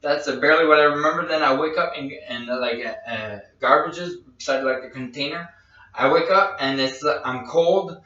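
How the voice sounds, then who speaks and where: A man's voice: fairly high pitch, moderate pace, sharp tone. Rambling storyteller man in an echoey room. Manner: rambling anecdote with quoted dialogue and restarts. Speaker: podcast host. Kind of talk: casual storytelling chat. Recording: echoey room, distant lo-fi mic.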